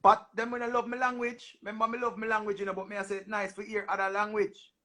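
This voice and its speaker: A young man with a Jamaican accent, hosting a casual livestream and bantering in animated patois, often repeating himself. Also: high-pitched, fast. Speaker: livestream host. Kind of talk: casual livestream chat with callers.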